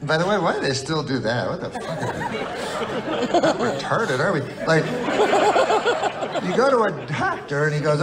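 A man telling a long, meandering joke in a dry, deadpan way. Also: fairly high pitch, normal speed, pauses often, over a noisy crowd, very noisy. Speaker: comedian. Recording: music playing underneath. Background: music.

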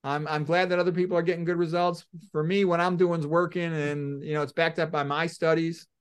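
A middle-aged man, a doctor, giving blunt, animated opinions in an interview and acting out little scenes. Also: a little high, brisk, clean tone. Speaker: medical doctor guest.

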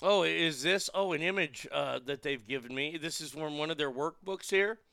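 This host, high and bright with some gravel, speaks at normal speed as he reads stories and rips into them with crude, profane jokes and laughter. His voice comes across close and dry, without any room sound.

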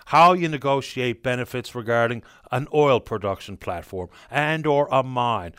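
Man, radio call-in host, from Newfoundland, measured, dry studio mic. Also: medium pitch, fairly bright tone, clean tone, no echo. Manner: measured, explanatory.

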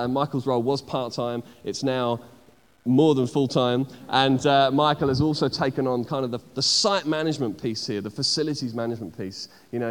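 A man's voice: mid-range voice, smooth. A man leading a church service, introducing the next speaker with enthusiasm and plenty of filler words. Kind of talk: church announcement. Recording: long hall reverb.

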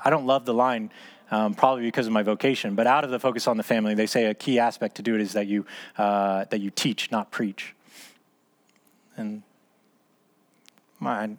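A man in his thirties or forties leading a small church discipleship group, teaching in a casual, conversational way and asking and answering his own questions. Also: medium pitch. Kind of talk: casual teaching talk ending in prayer.

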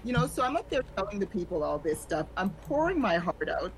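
A woman in her forties, a stand-up comedian telling stories in a frank, animated way, acting out other people's lines as she talks. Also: mid-range voice, a little fast, a little hiss or hum, low-quality recording. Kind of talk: storytelling in a podcast chat.

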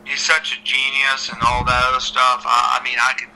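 A man, a former wrestler, telling stories as a podcast guest in an animated, chatty way with lots of repeated starts. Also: mid-range voice, brisk, low-quality recording. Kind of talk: casual storytelling interview.

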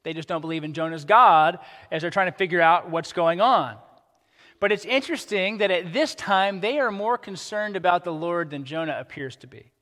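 A man preaching a sermon as pastor, animated and acting out the characters he quotes. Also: high voice, normal speed, long reverb tail.

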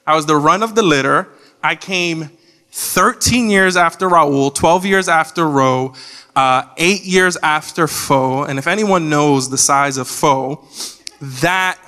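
A young man preaches in church, telling a comic family story with lots of energy. His voice is bright and forceful and sits a little high for a man. He jumps into loud, high shouts when he quotes people. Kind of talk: sermon storytelling.

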